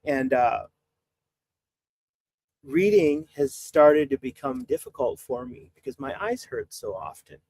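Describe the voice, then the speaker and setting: A man's voice: mid-range voice, lively intonation, a little slow, pauses often, a little mellow. A man in his forties, a priest talking on a live stream, exasperated and preachy as he urges his viewers. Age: 40s. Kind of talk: impassioned live-stream talk.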